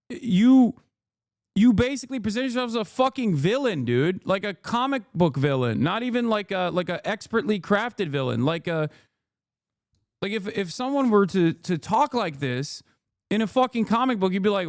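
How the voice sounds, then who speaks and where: A man's voice: high voice, animated, moderate pace, no echo, studio quality. A man streamer giving heated, profane commentary as he reacts to a clip. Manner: profane, ranting, emphatic.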